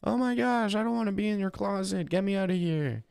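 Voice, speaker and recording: Guy doing a high whiny woman voice, all complaints, put on to mock, dry close sound. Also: a little fast, gravelly, darkish tone, smooth, dry recording. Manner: high mocking whine.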